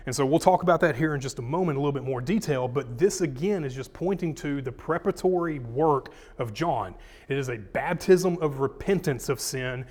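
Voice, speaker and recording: A man's voice: mid-range voice, lively intonation, a little fast, darkish tone. A man, a pastor teaching a sermon, casual and chatty with his congregation, reading scripture with rising emphasis.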